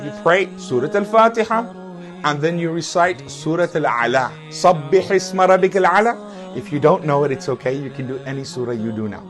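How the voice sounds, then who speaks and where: Man, fairly high voice, step-by-step religious lesson, loud drawn-out calls, soft music underneath. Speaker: religious teacher. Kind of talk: instructional talk.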